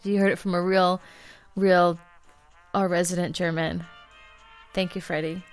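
A woman's voice: fairly low pitch, flat delivery, unhurried. Woman, travel vlogger, casual chat, laughs often, faint music underneath. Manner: chatty, laughs often, self-deprecating. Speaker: vlog host.

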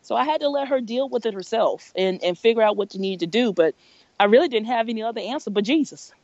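A woman's voice: fairly high pitch, fast talker, dry recording. Woman, forties, candid storyteller, laughs a lot, dry close sound, slightly dull audio. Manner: laughs often, quotes people in lively voices. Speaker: guest.

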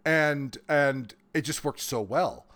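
A man in his forties, an author talking as a guest in a casual interview, animated and quick to laugh. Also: medium pitch. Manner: animated storyteller, bursts of laughter.

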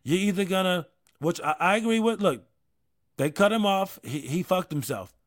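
A man's voice: high voice, lively intonation, normal speed. A man in his thirties hosting a casual talk show, rambling with many restarts and frequent swearing. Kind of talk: casual chat.

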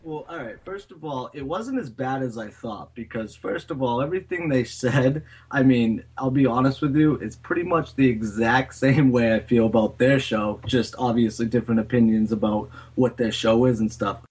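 A man's voice: medium pitch, normal speed, hardly any pauses, darkish tone, breathy edge. A man co-hosting a podcast, talking bluntly and defiantly in casual chat. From Boston, USA. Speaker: podcast co-host.

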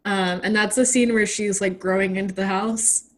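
A woman's voice: mid-range voice, steady tone, moderate pace. A woman in casual chat as a podcast co-host, laughing often and using many fillers.

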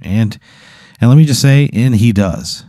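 A man's voice: medium pitch, lively intonation, a little slow, warm tone, dry recording, studio quality. A man casually improvising a story as game master, talking in a rambling way full of fillers. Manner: rambling, filler-heavy narration.

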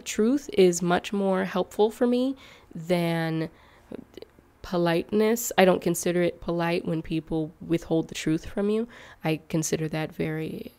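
Slow-talking animated young woman vlogger. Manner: animated, swoops up in pitch on questions and asides; laughs often between thoughts. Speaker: YouTuber. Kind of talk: casual vlog chat to viewers.

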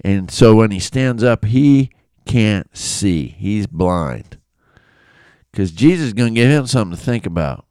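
A man from Illinois giving a casual Bible study talk, conversational and animated, with storytelling asides. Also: lowish voice, moderate pace, clear, resonant tone, dry recording, studio quality. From Illinois, USA. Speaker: Bible teacher.

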